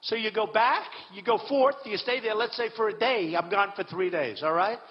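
Boastful high-voiced man rambling in a hall. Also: normal speed. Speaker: political candidate addressing a rally. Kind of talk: off-the-cuff campaign speech. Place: large hall with an audience. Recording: dull hall recording with long reverb.

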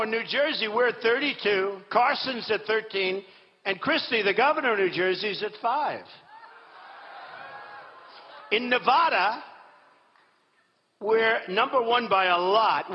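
Boastful high-voiced man rambling in a hall. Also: a little slow, long pauses, a little hiss or hum. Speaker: political candidate addressing a rally. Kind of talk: off-the-cuff campaign speech. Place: large hall with an audience. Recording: dull hall recording with long reverb.

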